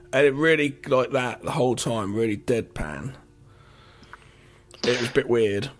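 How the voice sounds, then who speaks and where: A man's voice: mid-range voice, normal speed, slightly rough. A man co-hosting a podcast, chatting and joking casually, swearing now and then. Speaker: podcast co-host. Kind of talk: casual film chat.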